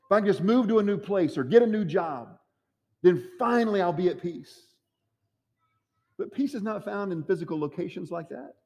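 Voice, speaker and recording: A man's voice: high voice, animated, moderate pace, a little mellow, in a large hall. A man preaching a sermon as pastor, acting out the quoted voices with dramatic swings. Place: church sanctuary.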